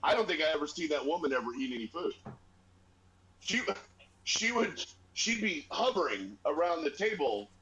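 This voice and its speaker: A man's voice: moderate pace, lo-fi sound, slight background noise. Chatty man telling family stories. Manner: animated storyteller, squeaky voice for grandma. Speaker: podcast co-host. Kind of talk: casual storytelling chat.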